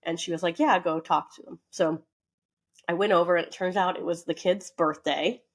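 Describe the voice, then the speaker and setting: A woman co-hosting a podcast, telling a story in a chatty, animated way with plenty of fillers. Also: lowish voice, normal speed. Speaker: podcast co-host. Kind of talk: casual storytelling chat.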